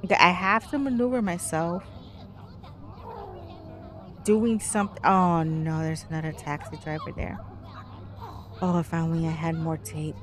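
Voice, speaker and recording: A woman's voice: on the low side, fairly even intonation, measured pace, long pauses. Female gamer, live horror playthrough commentary, talks to herself, panicky pleading, drops to whispers. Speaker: game streamer. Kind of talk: let's play commentary.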